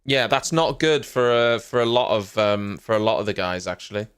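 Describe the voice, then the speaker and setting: A man's voice: lowish voice, fairly even intonation, normal speed, fairly bright tone, clear, resonant tone. A man giving casual live reaction commentary as a streamer, rambling and chatty, with frequent fillers and asides.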